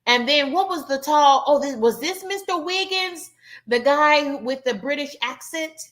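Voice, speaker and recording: Running a casual livestream game night, an adult woman over 21 reads viewers' responses aloud and addresses them as "y'all." She has a high, slightly bright voice that's animated yet a bit slow.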